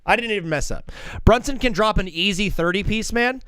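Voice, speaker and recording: A man hosting a live sports comedy call-in stream, bantering with callers in an energetic, joking, rambling way. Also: high voice, brisk, clean tone, no echo, studio quality.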